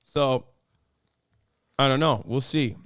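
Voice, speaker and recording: A man's voice: mid-range voice, slow pace, a bit bright, dry recording, studio quality. A man hosting a stream, giving casual political commentary in a heated, profane way. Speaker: streamer host.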